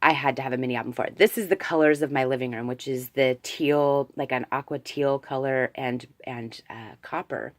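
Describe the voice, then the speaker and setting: Low-voiced chatty crafter woman. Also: a little fast, hardly any pauses, no room sound. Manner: chatty and gushing, with fillers and self-corrections. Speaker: crafter showing a handmade album. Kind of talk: casual show-and-tell vlog.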